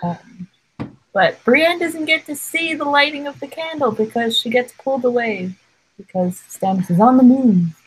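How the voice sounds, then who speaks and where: A woman's voice: on the high side, animated, normal speed, husky, low-quality recording. A woman in a casual fan discussion of a TV episode, rambling and filling her talk with "like". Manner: rambling, heavy use of "like".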